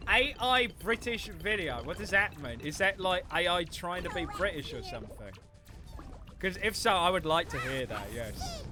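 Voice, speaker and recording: A man's voice: high-pitched, sharp tone, a little hiss or hum. A young man livestreaming a game, chatting casually with his viewers, rambling and swearing freely. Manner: rambling, swears freely, reads chat aloud. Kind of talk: casual gameplay stream chat.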